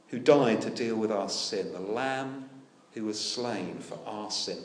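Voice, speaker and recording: Preacher with a roomy echo. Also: male voice, lowish voice, unhurried. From United Kingdom. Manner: animated, rhetorical questions with dry humour. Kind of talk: sermon. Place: church.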